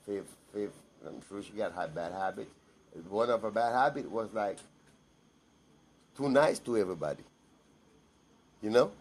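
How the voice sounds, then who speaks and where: A man's voice: lowish voice, normal speed, pauses often. A man giving a blunt, emphatic personal monologue to camera, repeating himself for stress.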